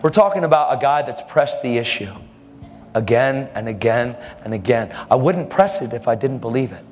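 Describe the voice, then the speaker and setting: A man's voice: medium pitch, expressive, normal speed, a little mellow. A man preaching a sermon, telling a testimony story in a fervent, emphatic way. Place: church service hall. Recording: reverberant hall.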